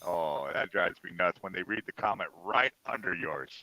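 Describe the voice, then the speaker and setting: Man, casual livestream chatter, lively bright voice, jokey. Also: sits low, moderate pace, gravelly, no echo, low-quality recording. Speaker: live stream guest. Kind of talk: casual chat.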